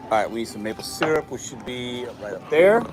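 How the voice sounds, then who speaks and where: A man live streaming from a grocery store, complaining and coaching himself out loud. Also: medium pitch, animated, a little fast, background noise. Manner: frustrated, self-talk, dramatic complaints. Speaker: livestreamer. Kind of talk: live stream while shopping.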